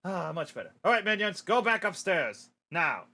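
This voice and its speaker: A man voicing a lazy, boastful villain king in a storybook reading, grumbling and sighing between bursts of shouting. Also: high-pitched, very animated, normal speed, heavily acted. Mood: scheming.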